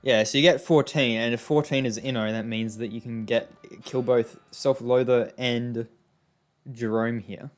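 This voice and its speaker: A man's voice: medium pitch, fairly even intonation, measured pace, faint music behind. A young man giving casual, rambling gameplay commentary, often exasperated, with many fillers and restarts. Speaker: gaming YouTuber.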